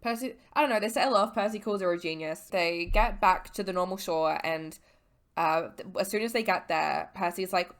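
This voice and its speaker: Tipsy woman rambling with a low voice. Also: normal speed. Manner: animated, swears a lot, slangy. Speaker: vlogger. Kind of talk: casual book recap.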